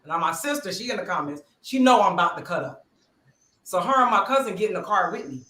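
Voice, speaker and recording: A woman co-host tells a story with lots of drama and acts out every person in it. Her voice is bright and swings widely in pitch. It sounds like she is in a roomy space with some echo. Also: animated, quick pace. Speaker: podcast co-host. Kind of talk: animated storytelling.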